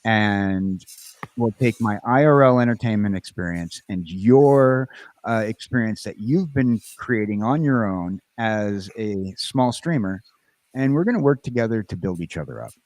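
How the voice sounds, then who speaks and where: Man, American accent, livestream host, casual rambling chat, halting with many fillers, dry close sound. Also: fairly low pitch, lively intonation, a little mellow, dry recording. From United States.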